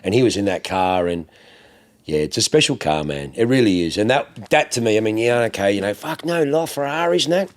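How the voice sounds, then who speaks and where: A man's voice: on the low side, lively intonation, brisk. A middle-aged man with an Australian accent, hosting a casual podcast chat in a blunt, sweary way, often repeating himself. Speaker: podcast host and car dealer.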